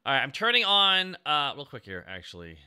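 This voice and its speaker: A man hosts his live stream in loose, playful chat, his tone strikingly bright and edgy. His voice sits slightly high for a man. He clowns through bits, then drops into quiet muttering while he fiddles with his settings. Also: wildly swooping pitch, a little fast, clean tone. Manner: goofy and playful, jumping between loud bits and low mumbling asides. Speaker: VTuber streamer.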